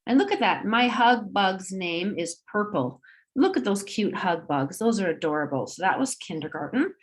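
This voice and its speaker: A woman's voice: mid-range voice, expressive, normal speed. Upbeat woman hosting assembly. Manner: upbeat, encouraging. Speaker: school administrator hosting an assembly. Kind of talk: presenting a school assembly. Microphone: video call.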